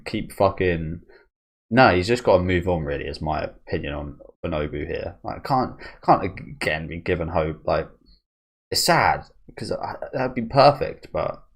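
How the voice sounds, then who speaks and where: A young man hosting a manga reaction, talking casually, swearing freely and thinking aloud with frequent restarts. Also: deep voice.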